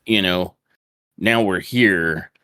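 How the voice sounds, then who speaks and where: A man recapping a wrestling show on a podcast with a wry, laid-back delivery. His voice sits on the low side. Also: takes it slowly, sharp tone, no echo. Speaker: podcast co-host.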